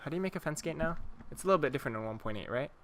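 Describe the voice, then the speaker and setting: A man's voice: fairly high pitch, expressive, very fast, slight background noise. A man in his twenties hosting a game video, chatting casually and chuckling as he tells stories to his viewers. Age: 20s. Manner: rambling and chuckling, talks to viewers. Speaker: Minecraft let's-play host. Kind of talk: casual commentary while gaming.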